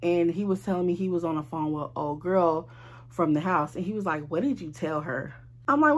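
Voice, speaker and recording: Young woman, husky tone; animated, profane storytime vlogger. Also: fairly low pitch, normal speed. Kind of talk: casual storytime.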